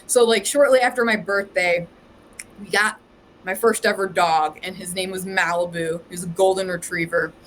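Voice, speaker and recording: A woman's voice: fairly low pitch, steady tone, normal speed, a little hiss or hum, poor audio. A woman from Ohio, a podcast guest and psychic medium, telling her story in a chatty, rambling way with lots of "like". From Ohio, USA. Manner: chatty, rambling, heavy use of "like". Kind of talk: casual storytelling chat.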